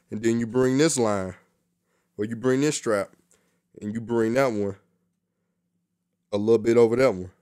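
A man's voice: fairly low pitch, mellow, dry recording, clean studio sound. A young man giving a casual, joking hair tutorial, cursing freely and talking in loose street slang. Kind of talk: casual how-to demonstration.

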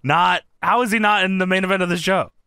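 A man's voice: sits high, fairly even intonation, quick pace, bright, forceful tone, clear, resonant tone, no echo, clean studio sound. A man co-hosting a podcast in casual chat, laughing often and swearing freely. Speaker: podcast co-host. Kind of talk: casual chat recapping wrestling.

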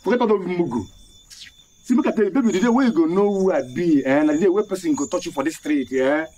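A man's voice: sits high, quick pace, dark tone, lightly acted. A man with a Nigerian accent playing a swaggering street big man who boasts and laughs, mixing pidgin and Igbo.

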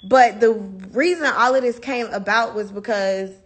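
A woman's voice: on the high side, a little slow. Blunt, profane young woman ranting on a phone. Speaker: livestream host. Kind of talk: heated casual livestream rant.

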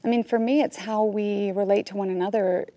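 A woman in her forties, an actress at a roundtable, talking in a thoughtful, halting way. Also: medium pitch, fairly even intonation, dark tone, no echo. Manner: thoughtful, halting, with many restarts. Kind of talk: casual roundtable conversation. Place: studio with a group of guests.

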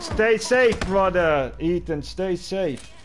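High-voiced male game streamer. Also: lively intonation, slow pace, slight background noise. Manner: friendly, greets players, calls them bro. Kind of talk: casual livestream chat.

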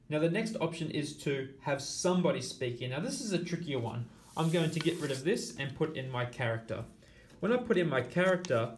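Man explaining steps in an echoey room. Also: medium pitch. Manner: steady step-by-step explaining, counting aloud. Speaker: teacher. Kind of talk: screen-recorded tutorial walkthrough.

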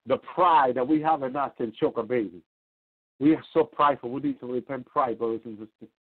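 A man's voice: medium pitch, brisk, breathy edge. A man preaching a fervent radio sermon, repeating his points and rising to cries. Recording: tinny phone-line radio broadcast.

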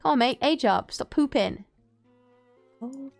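A young woman in her twenties streaming gameplay, giggly and excitable, swearing freely as she comments. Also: high voice, a little slow, creaky, long pauses, soft background music.

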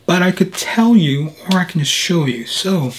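A man's voice: high voice, lively intonation, moderate pace, a little hiss or hum. Chatty young man vlogging. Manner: chatty, playful, addresses viewers directly. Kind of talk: casual vlog talk to camera.

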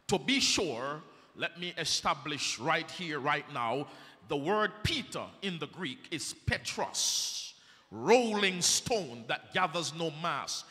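Slow, dramatic man preaching in church. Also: fairly high pitch, sing-song. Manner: dramatic, rhetorical preaching that swells to shouts. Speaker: evangelist preacher. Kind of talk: sermon. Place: church sanctuary. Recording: echoey church hall.

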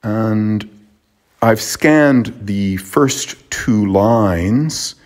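A man teaching a Latin poem, explaining its sounds and meter in a halting way with frequent pauses and restarts. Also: on the low side, a little mellow. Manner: halting, with many fillers and restarts. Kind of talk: explanatory lesson on poetry.

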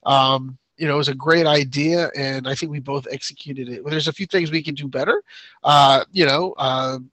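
A man's voice: mid-range voice, fairly even intonation, normal speed, a bit bright, dry recording. A man co-hosting a show, chatting casually, rambling and laughing often. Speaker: podcast co-host. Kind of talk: casual chat.

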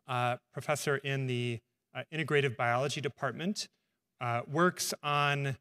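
A man's voice: medium pitch, fairly bright tone. A male professor moderating a panel on stage, speaking off the cuff with frequent filler words. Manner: hesitant, many uh fillers, friendly. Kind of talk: unscripted moderating. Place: lecture hall stage. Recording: long hall reverb.

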